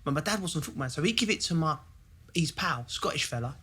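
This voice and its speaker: A man's voice: on the high side, expressive, fast talker, a bit bright. A man in his thirties from England telling a story in an eager, chatty way on a podcast. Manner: eager, chatty, lots of "yeah". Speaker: host. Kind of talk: casual chat.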